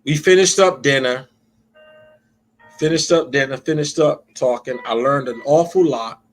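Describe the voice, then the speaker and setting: A man, pastor and host of a call-in show, telling a story in a conversational sermon style and slowing down to stress his points. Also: medium pitch, faint music behind.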